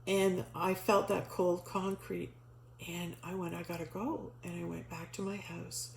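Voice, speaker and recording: A middle-aged woman telling a personal spiritual story in a casual, animated way, acting out the voices she quotes, with many restarts and fillers. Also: fairly low pitch, unhurried, vocal fry, echoey room, slight background noise, poor audio. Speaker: storyteller sharing a spiritual experience.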